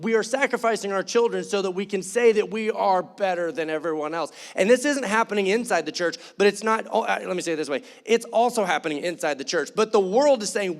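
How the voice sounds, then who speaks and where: A man's voice: high voice, fast talker, few pauses. A man preaching in church, conversational and joking, acting out quoted voices. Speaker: pastor. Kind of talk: sermon.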